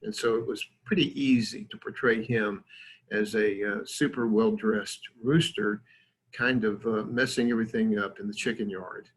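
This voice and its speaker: A man's voice: fairly low pitch, fairly even intonation, moderate pace, slightly rough. A man giving a conversational lecture with slides, digressive, with many fillers and self-deprecating asides.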